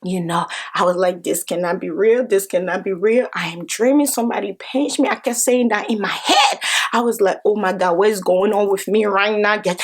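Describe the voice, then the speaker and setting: A woman vlogger telling a story in an excitable, animated way, repeating phrases and swearing now and then. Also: mid-range voice, moderate pace. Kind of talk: casual vlog storytelling.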